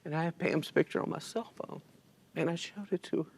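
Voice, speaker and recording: A man's voice: fairly high pitch, fairly even intonation, a little fast, gravelly, breathy edge. A man telling a personal story of loss in a casual church interview, tearful and emotional, quoting himself and others as he goes. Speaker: church member sharing his story. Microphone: church stream recording.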